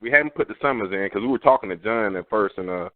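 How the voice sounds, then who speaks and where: A man's voice: on the low side, animated, fast talker, a little hiss or hum. A man calling in to a radio show, hurriedly explaining his situation and asking questions. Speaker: caller. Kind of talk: phone call-in question. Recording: dry, tinny phone line.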